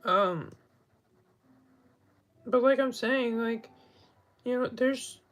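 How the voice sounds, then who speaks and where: A man's voice: very high voice, extremely slow, fairly bright tone, poor audio. A man on a casual livestream, rambling with many fillers and restarts, upset and pleading.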